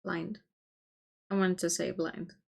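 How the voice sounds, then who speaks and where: A woman's voice: fairly low pitch, little pitch movement, slow, vocal fry. A woman streamer reading a visual novel aloud and chatting about games, casual, swearing, and laughing easily. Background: background music.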